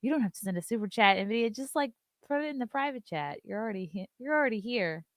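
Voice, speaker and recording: A woman's voice: a little high, expressive, fast talker, no echo, studio quality. A woman hosting a live-stream show, chatting loosely, reading viewer messages aloud and swearing casually.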